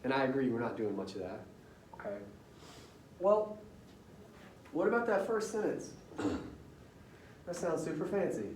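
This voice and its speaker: A man teaching a class in a conversational way, often pausing to ask his students questions. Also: on the high side, lively intonation, darkish tone, a little hiss or hum. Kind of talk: classroom lecture. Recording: roomy classroom audio from far off.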